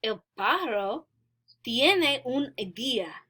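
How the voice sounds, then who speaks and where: A woman teaching Spanish to beginners, reading a short story aloud and explaining it word by word, slowly and patiently. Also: high voice, expressive, sharp tone.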